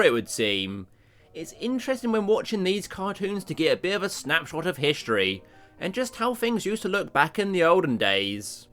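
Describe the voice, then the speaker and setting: A man narrating a cartoon review video with animated, self-deprecating jokes. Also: sits high.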